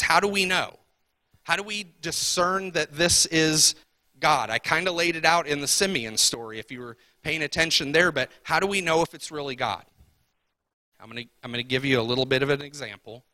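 A man's voice: fairly high pitch, sharp tone, no room sound. A man preaching a sermon as pastor, talking conversationally and asking the congregation repeated rhetorical questions.

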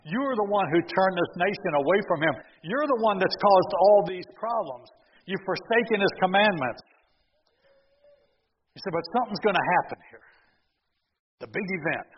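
A male pastor preaching a sermon, retelling the story with lively, sarcastic asides to the congregation. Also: high voice, normal speed, long pauses, long reverb tail, muffled recording, a little hiss or hum. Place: church sanctuary.

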